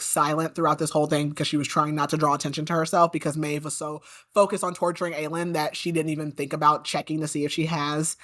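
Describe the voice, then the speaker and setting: On her podcast, a woman with a lowish, fairly bright voice walks listeners through a book. The recap is casual and full of "like," with indignant comments about the characters thrown in.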